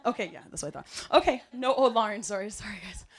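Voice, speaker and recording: A young woman from the area speaks, delivering a loose, chatty wedding speech. She rambles with plenty of "um" and "like" and breaks into laughter often. Her voice sits at an ordinary middle pitch for a woman. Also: expressive, fast. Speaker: wedding guest giving a toast.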